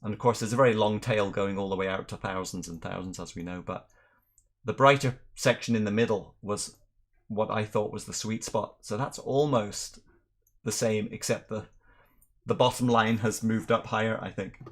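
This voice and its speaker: A middle-aged man from Northern Ireland, with an accent mixed with English, hosting a relaxed whisky livestream and chatting through viewer questions. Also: on the low side, normal speed. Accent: mixed Northern Irish and English. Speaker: whisky channel host. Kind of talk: casual livestream chat.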